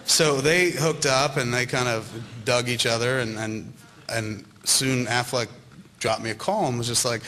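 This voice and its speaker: A man in his thirties spins loose, foul-mouthed stories in front of an audience. His voice sits at an ordinary middle pitch, and he slips into the other people's lines as he goes. A faint hiss hangs under the recording. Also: a little slow. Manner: profane, animated, acts out others' lines. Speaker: filmmaker telling stories to a live audience. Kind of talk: casual anecdotal storytelling. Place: university event in front of an audience.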